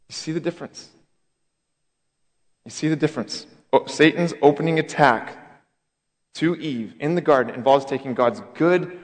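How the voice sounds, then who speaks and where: A man preaching a sermon as pastor, conversational, with sudden drops to a hush and bursts of emphasis. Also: mid-range voice. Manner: conversational, dramatic swings in loudness. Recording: echoey hall.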